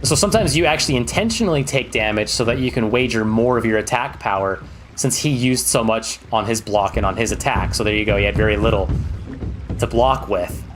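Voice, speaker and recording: A man's voice: lowish voice, brisk, noisy background. A man streaming and ranking games, chatting in a casual, enthusiastic way with plenty of fillers and restarts. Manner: chatty and rambling, with many fillers. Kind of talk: casual livestream commentary.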